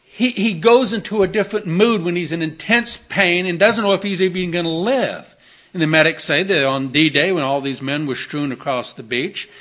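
A man preaching a gentle, earnest sermon, telling stories with soft dips and tender emphasis. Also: fairly high pitch. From Texas.

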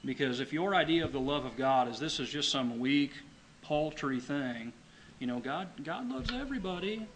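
A man preaching a sermon, emphatic, repeating key phrases and slowing down to read scripture. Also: fairly high pitch, animated, fairly bright tone, slight background noise, rough recording.

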